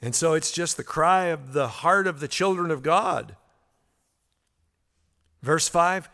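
A man's voice: on the high side, unhurried, long pauses, a bit bright. A man teaching through a psalm verse by verse, in a conversational way with fillers and repeated words. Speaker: Bible teacher. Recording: long hall reverb.

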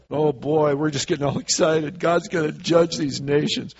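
Sex: man. Role: preacher. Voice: husky, higher-pitched. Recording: dull lo-fi. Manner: lively, slows for scripture, fillers and asides. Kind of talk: sermon with scripture reading.

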